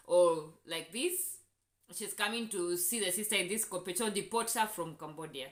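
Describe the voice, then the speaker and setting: A young Kenyan woman with a Kenyan accent, telling a travel story in an indignant, animated way for her vlog. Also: medium pitch, normal speed, reverberant. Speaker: vlogger.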